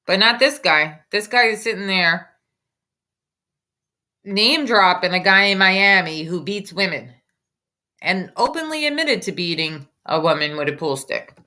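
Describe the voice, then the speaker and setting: A woman's voice: medium pitch, lively intonation, a little slow, pushed and bright. A woman hosting reaction commentary over a clip, mocking and combative in tone. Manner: mocking, sarcastic, combative ranting. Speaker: commentary host.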